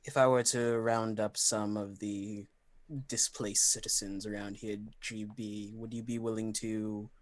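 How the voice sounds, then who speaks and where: A man's voice: fairly low pitch, level tone, measured pace. A man player in a tabletop game, stating his character's actions matter-of-factly. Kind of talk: casual tabletop game chat.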